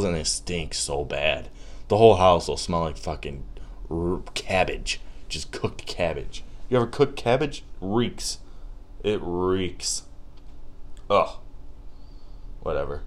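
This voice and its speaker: A young man with a slightly low voice riffs through his own podcast in a loose, joking rant. He swears constantly and wanders off topic as the thoughts come. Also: expressive, slow pace, pauses often. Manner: profane, rambling, loose and joking. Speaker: podcast host. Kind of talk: casual comedic rant.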